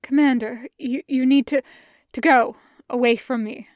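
A woman's voice: sits high, steady tone, dry recording, studio quality. A woman voicing a starving vampire man who halts and stammers as he fights his hunger. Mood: strained, stammering. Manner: halting, stammering, breathless.

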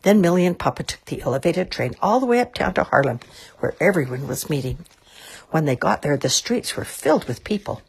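Storybook narrator, woman, low and breathy. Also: fairly quick. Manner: expressive, lilting. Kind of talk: storybook read-aloud.

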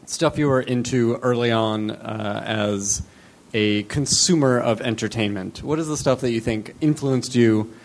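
A man's voice: mid-range voice, unhurried, a little hiss or hum. Man hosting a live comedy panel. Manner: asks questions with loose restarts. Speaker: host.

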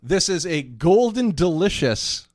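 Podcast co-host, man, lively rising-falling voice, dry close sound, playful needling. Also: fairly high pitch, measured pace, dry recording. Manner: teasing, chuckling, relaxed banter. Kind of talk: casual chat.

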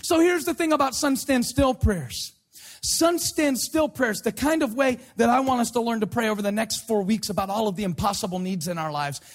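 A man's voice: very high voice, fairly quick. A man preaching a sermon in a conversational, sarcastic way, teasing everyday prayer habits. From United States. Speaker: pastor.

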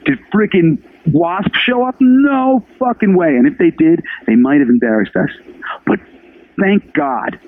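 A man's voice: on the high side, expressive, unhurried, no echo. Fired-up guest guy swearing a lot, tinny phone sound, super dry. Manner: emphatic, swears a lot, passionate. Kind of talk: casual interview.

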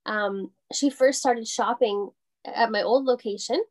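A woman's voice: a little high, unhurried, a little mellow. Chatty woman shop owner. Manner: chatty, heavy on fillers like "you know", laughs often. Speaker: boutique owner guest. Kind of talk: casual interview chat.

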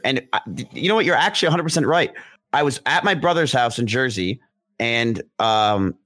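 A young man in casual conversation, talking in loose, rambling runs. He restarts his sentences often and pads them with fillers. His voice sits at an ordinary middle pitch. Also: fairly bright tone. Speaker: podcast guest discussing ADHD.

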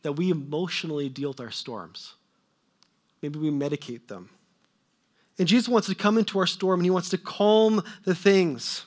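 A male preacher with a fairly high voice delivers a sermon. He swings between loud, emphatic questions and quiet asides that trail off. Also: moderate pace.

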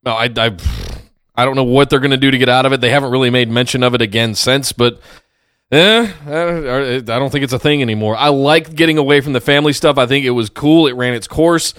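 A laid-back man co-hosting a casual chat, often restarting his sentences and slipping in dry humor. His voice is smooth and clear at a middle pitch. The recording is dry and close. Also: fairly even intonation, brisk, a bit bright, no echo. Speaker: podcast co-host.

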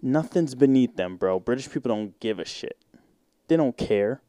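A man from the United States hosts his podcast alone, ranting indignantly and swearing freely while stumbling over fillers. His voice is mellow and sits at an ordinary pitch. The recording is dry and close. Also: expressive, moderate pace, dry recording. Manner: profane, indignant, rambling with many fillers. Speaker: podcast host. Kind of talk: casual solo podcast rant.

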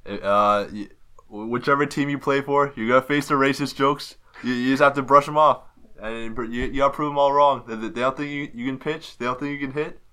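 A man's voice: medium pitch, steady tone, a little fast, sharp tone, smooth. A young Canadian man being interviewed as a baseball player, laid-back, laughing often and stammering through his answers. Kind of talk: casual interview chat.

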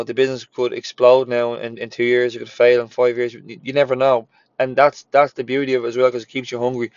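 A man who owns a gym and once worked as a personal trainer tells his story in a blunt, motivational way, cursing freely and hammering points home through repetition. His pitch sits in a middling range for a man. The sound is somewhat dull and lo-fi, and very dry with no room around it. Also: clear, resonant tone, dry recording. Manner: candid, swears freely, repeats phrases for emphasis.

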